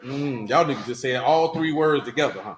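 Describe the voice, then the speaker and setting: A man's voice: medium pitch, a little fast, a little hiss or hum. A man leading a Bible study, teaching loosely and breaking into teasing, joking asides. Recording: echoey room.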